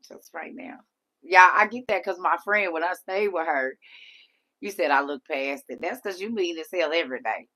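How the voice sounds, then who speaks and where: A middle-aged woman hosting a livestream, reading and answering chat comments with lots of laughter. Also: on the low side. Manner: animated, laughing often, talks back to chat. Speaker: livestream host.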